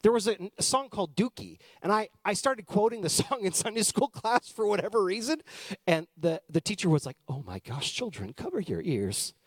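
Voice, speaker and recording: Thirties pastor guy telling a story, lively swoopy voice, high-ish, dry close sound. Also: brisk, no echo. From Canada. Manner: animated, chatty storytelling with asides. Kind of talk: storytelling sermon.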